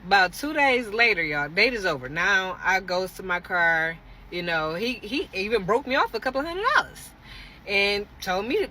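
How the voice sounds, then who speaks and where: Animated young woman telling a dating story. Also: medium pitch, normal speed, slight background noise. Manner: animated, dramatic, talks straight to viewers. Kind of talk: casual storytelling vlog.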